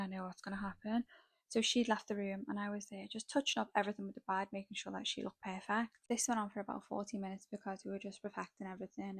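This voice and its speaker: A young woman spills a wild story in a dramatic, gossipy chat, peppered with "like". Her voice sits at an ordinary middle pitch, and the sound is close and dry with no room around it. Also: creaky, no room sound. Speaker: makeup artist vlogger.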